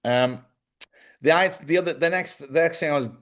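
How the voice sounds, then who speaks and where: A man's voice: fairly high pitch, moderate pace. A man hosting his own live show, talking casually and jokily, rambling from one topic to the next and sounding sleepy. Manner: jokey, chatty, wanders off topic. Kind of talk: rambling casual livestream chat. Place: small studio.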